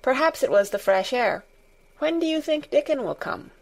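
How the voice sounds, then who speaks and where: A woman's voice: sits high, animated, moderate pace, vocal fry, voice pushed up. A woman reading a storybook aloud and voicing a sickly, imperious young boy who gives orders in a lordly way. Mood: eager. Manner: lordly, commanding.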